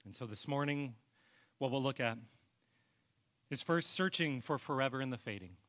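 A male pastor preaching a sermon with earnest personal storytelling, often trailing off into a soft, low voice. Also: animated, normal speed.

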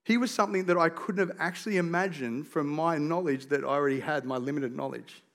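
Australian man preaching with lively humour. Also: on the high side, brisk. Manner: lively storytelling, self-deprecating humour. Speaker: pastor. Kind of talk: conversational sermon.

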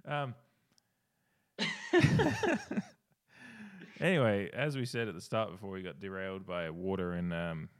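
A man's voice: low voice, wildly swooping pitch, takes it slowly, pauses often. An Australian man co-hosting a podcast in casual chat, laughing often and swearing freely. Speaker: podcast co-host.

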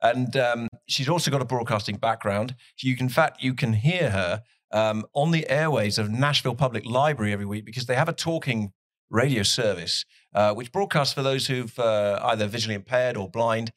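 A man's voice: medium pitch, fairly quick, fairly bright tone, dry recording, clean studio sound. A man with a southwest English accent, a soccer commentator chatting on a podcast, rambling and laughing often. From southwest England. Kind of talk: casual podcast chat.

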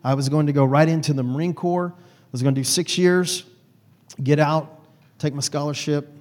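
A man telling a personal story to an audience in a folksy, animated way. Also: a little high, normal speed. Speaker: speaker.

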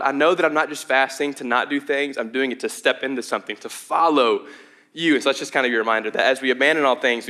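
A man's voice: medium pitch, bright, forceful tone. A young adult man preaching a sermon as pastor, in a conversational, earnest way with frequent fillers and restarts. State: out of breath.

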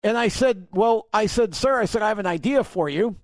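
A man's voice: high voice, animated, brisk, no echo. A man hosting a podcast, telling a long story in a rambling way with many restarts and acting out both sides of phone calls. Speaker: podcast host. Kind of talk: casual storytelling.

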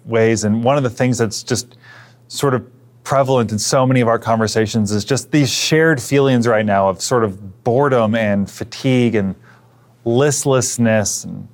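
A man's voice: mid-range voice, moderate pace. A man preaching a sermon as pastor, in an earnest, conversational way, often restarting phrases and dropping to a near whisper at times. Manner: earnest, conversational, with frequent restarts and hushed asides.

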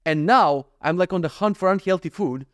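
A man's voice: high voice, moderate pace, no room sound. A young man hosting a podcast, talking candidly and self-critically in a rambling, profane confessional monologue into a close mic. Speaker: podcast host.

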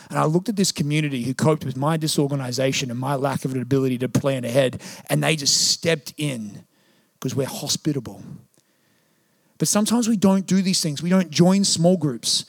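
A young pastor preaches with conversational passion, swapping in stories as he goes. His voice sits fairly high with a gravelly edge. The sound is close and dry. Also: a little fast, no room sound. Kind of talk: sermon. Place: church.

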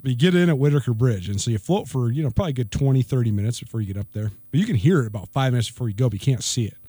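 A man co-hosting a radio talk show, telling a lively anecdote in a casual way. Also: mid-range voice, very fast, dry recording. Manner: laughing, lively anecdote telling with quoted voices. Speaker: radio co-host. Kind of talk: casual storytelling chat. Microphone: studio microphone.

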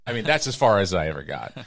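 Middle-aged Texan man, low voice, dry close mic, animated storyteller who acts out other people's lines. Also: brisk, dry recording. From Texas. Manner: animated, acts out quoted voices with big pitch jumps. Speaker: guest storyteller. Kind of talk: casual storytelling interview.

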